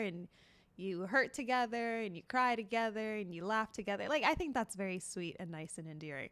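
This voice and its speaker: With a slightly high voice, a young woman in her twenties chats with her stream audience. As a livestreamer, she tells stories in a lively, laughing way with some swearing.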